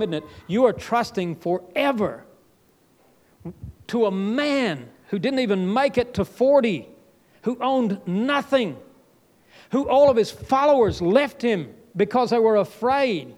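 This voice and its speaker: A man preaching a sermon with emphatic, dramatic delivery, voice leaping up and dropping low. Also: expressive, measured pace. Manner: emphatic, with sudden jumps and drops in pitch and loudness.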